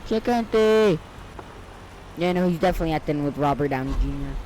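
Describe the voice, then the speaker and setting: A man playing a video game and commenting on it, excitable and frantic, often shouting out in bursts and talking to himself in casual slang. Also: fairly high pitch, brisk, a little hiss or hum. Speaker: gaming video creator.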